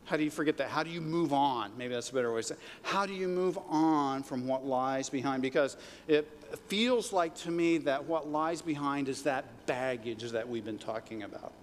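A man's voice: medium pitch, moderate pace, few pauses, long reverb tail, slight background noise. A man preaching a sermon in a conversational way, often checking in with "right?" and "okay?". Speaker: pastor.

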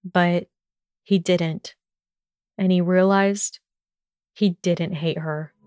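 A woman narrating a story in a steady, even storytelling manner. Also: fairly low pitch, drawn-out words. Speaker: audiobook narrator. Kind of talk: scripted narration of fan fiction.

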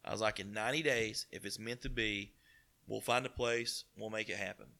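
A man from East Tennessee with a local accent, telling his career story in a folksy, animated way with quoted dialogue. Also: fairly low pitch, brisk, gravelly. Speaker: car dealership partner. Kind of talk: casual storytelling interview.

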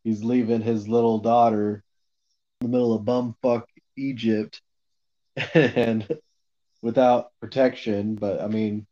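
Slow, mellow-voiced man recapping a book. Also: mid-range voice, flat delivery, lo-fi sound. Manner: rambling, filler-heavy, swears casually. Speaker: podcast co-host recapping a book. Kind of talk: casual book discussion.

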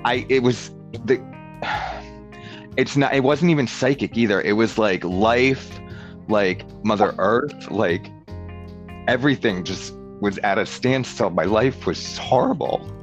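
Faint guitar music plays under a dull lo-fi recording of a man with a lowish voice telling a story slowly. Chatting casually, he rambles, says "like" a lot, and mimics others' voices when quoting them.

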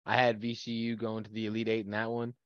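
A man's voice: lowish voice, monotone, fast, clear, resonant tone, no room sound, highs cut off. A man co-hosting a podcast, blunt and teasing, swearing as he talks sports. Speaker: podcast co-host. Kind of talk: casual sports chat.

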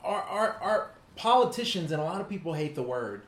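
A man's voice: on the high side, very animated, brisk. A man co-hosting a casual chat, earnest and building to emphatic points. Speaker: podcast co-host. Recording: echoey room with faint noise.

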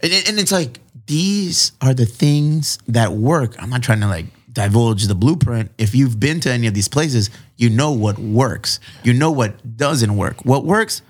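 A man with hosts a casual podcast, swearing freely and circling back over his own phrases. His pitch jumps around a lot as he talks, at an ordinary middle height. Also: a little slow, hardly any pauses. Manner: animated, profane, repeats phrases for emphasis. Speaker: podcast host.

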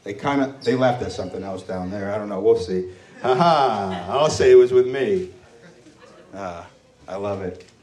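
A man's voice: on the low side, normal speed, a little mellow. A man in his thirties doing a stand-up comedy set, loose and rambling, crude, slipping into mocking voices. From Morocco. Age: 30s. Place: comedy club stage. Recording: roomy club sound from a distance.

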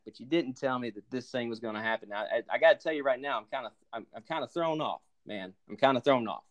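A man's voice: mid-range voice, animated, fast talker, hardly any pauses, lo-fi sound. A man, a podcast guest, doing mock-angry fantasy league trash talk, theatrical and stammering, building to blustery outbursts.

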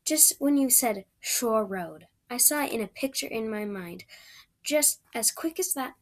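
A woman's voice: fairly high pitch, expressive, unhurried. A woman voicing a chatty, dreamy eleven-year-old red-haired girl who gushes in romantic chatter. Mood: gushing, dreamy. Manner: breathless, gushing, romantic chatter.

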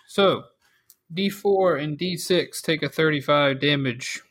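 A man narrates a tabletop game as its game master, calling out rolls and damage. He talks slowly in a slightly high voice, dotted with fillers. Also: slight background noise. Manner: relaxed, with frequent fillers.

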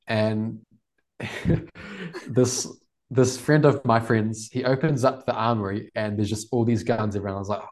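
A man's voice: medium pitch, moderate pace. Man with a New Zealand accent. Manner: relaxed, rambling, laughs often. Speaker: podcast guest. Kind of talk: casual storytelling interview.

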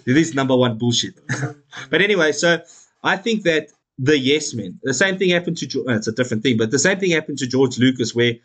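A man hosting a casual podcast chat who talks in an emphatic, blunt way. He swears freely and laughs often, with a voice at an ordinary middle pitch. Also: expressive, brisk, a bit bright. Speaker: podcast host.

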